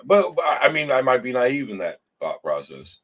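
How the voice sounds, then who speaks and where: A man's voice: medium pitch, moderate pace, low-quality recording. A man hosting a casual recovery group chat, talking earnestly with stumbling restarts. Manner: earnest, stumbling restarts, rises sharply when animated. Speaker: show host.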